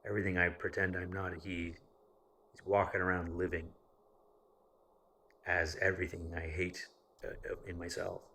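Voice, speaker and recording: A man's voice: low voice, flat delivery, normal speed, long pauses, bright, forceful tone, a little hiss or hum. A man from the United States telling a personal story in a casual, rambling monologue, swearing often. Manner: profane and rambling, with frequent fillers. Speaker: vlogger.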